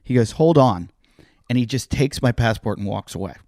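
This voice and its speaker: A man's voice: mid-range voice, fast talker, no echo. Middle-aged comedian guy on a podcast, telling a story, doing everyone's lines, swears a bit, dry close sound. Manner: animated storyteller acting out other people's lines; swears casually. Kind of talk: casual storytelling chat.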